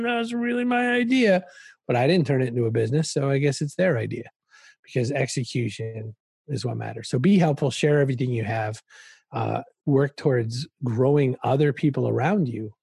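A man speaking as a podcast guest in a casual conversation, telling stories with quick, animated asides. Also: mid-range voice, vocal fry, slightly rough, no room sound, studio quality.

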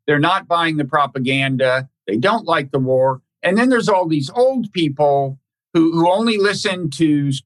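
A man hosting a podcast conversation, talking in a halting, thoughtful way with many restarts and repeated words. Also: a little high. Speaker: podcast host. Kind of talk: casual conversational interview.

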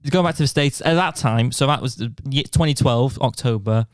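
A man's voice: mid-range voice, fairly quick, no room sound, clean studio sound. A young man in his twenties co-hosting a podcast, telling self-deprecating stories with frequent laughs. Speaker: podcast co-host. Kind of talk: casual chat.

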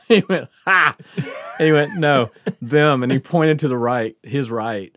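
A man's voice: mid-range voice, slow pace, fairly bright tone. A man hosting a podcast, telling a story in casual chat, laughing often and swearing freely. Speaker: podcast host.

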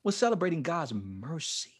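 A man in his forties, a ministry leader, telling his life story with strong emotion, dropping to a hush and then rising almost to a shout. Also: on the high side, big pitch swings, moderate pace, slightly rough. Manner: passionate, swings from hushed to near-shouting. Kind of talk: emotional testimony in an interview.

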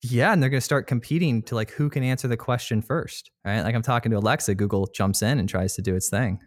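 A man hosting a casual podcast interview, chatty and quick to laugh. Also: medium pitch, no echo, studio quality. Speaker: podcast host.

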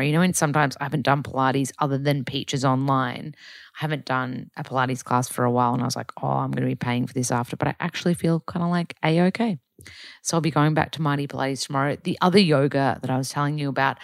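Young Australian woman, podcast host. Low voice with vocal fry, dry close sound, upbeat rambling delivery. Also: no echo. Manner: chatty, upbeat, rambling with many fillers. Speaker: podcast host and yoga teacher. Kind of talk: casual diary chat.

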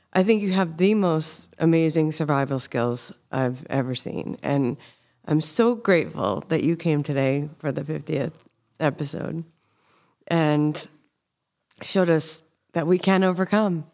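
A woman hosting a podcast, warm and encouraging as she wraps up and reads tips. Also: deep voice, measured pace. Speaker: podcast host. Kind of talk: interview and scripted segment reading.

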